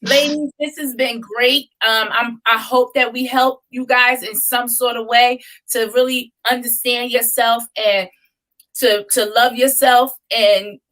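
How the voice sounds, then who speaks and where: A woman hosting a livestream and wrapping up a casual chat in a relaxed, chatty way. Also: fairly high pitch, unhurried, rough recording. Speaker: livestream host.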